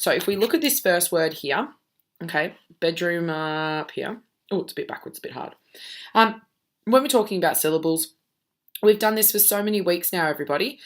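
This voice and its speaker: A woman's voice: lowish voice, fairly bright tone. A woman teacher giving a recorded lesson, walking students through a task patiently and checking in with "okay?" after each step.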